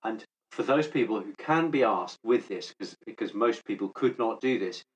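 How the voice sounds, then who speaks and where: Brief: man, low voice, vet co-host, measured. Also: expressive, highs cut off. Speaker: veterinarian podcast co-host. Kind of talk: casual chat.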